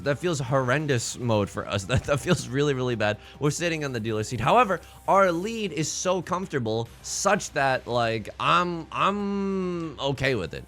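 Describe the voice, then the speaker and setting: A man's voice: medium pitch, a bit bright. A young man hosting a let's play, giving casual, jokey commentary on his game and talking to the opponents on screen.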